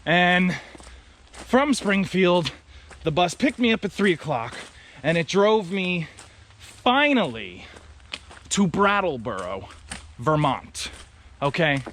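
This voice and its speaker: Animated, high-voiced sarcastic man. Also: slow pace, long pauses, slight background noise. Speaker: travel vlogger. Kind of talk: casual storytelling to camera.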